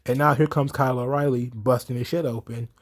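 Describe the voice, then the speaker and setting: A man's voice: mid-range voice, fairly even intonation, a little fast. A man hosting a casual wrestling recap show, talking loosely with swearing and frequent laughs, briefly acting out the wrestlers' lines. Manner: loose, profane and laughing, acts out promo quotes. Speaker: wrestling commentary host. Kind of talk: casual solo recap commentary.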